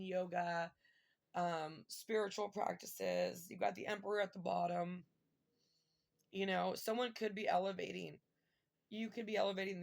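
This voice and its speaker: A woman's voice: mid-range voice, creaky. A woman giving a casual tarot reading to her viewers, emotional and rambling with many fillers. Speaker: tarot reader.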